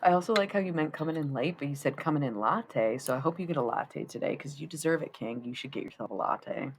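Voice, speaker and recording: Low-voiced woman in her 30s doing a chill tarot stream, swears a lot, faint hiss behind. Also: fast. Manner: loose, profane and chatty. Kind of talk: casual livestream chat.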